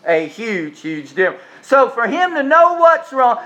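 A man delivers a homespun sermon, joking with his listeners and then leaning hard on slow, repeated points. His voice sits high for a man. The recording is dull and lo-fi. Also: big pitch swings, pushed and bright. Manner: folksy, joking preaching with emphatic slowed repetitions. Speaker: pastor.

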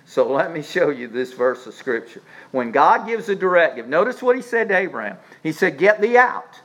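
A man preaching a sermon as pastor, swinging from quiet low asides up to emphatic high peaks, often restarting his phrases. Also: big pitch swings, a little fast, poor audio. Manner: repeats words and restarts phrases while speaking.

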